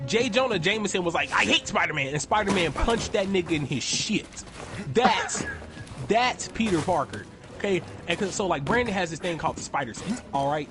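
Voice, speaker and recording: A man live-streaming while gaming, telling stories in a casual, animated way, swearing freely and acting out other people's voices. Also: high-pitched, brisk. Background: music.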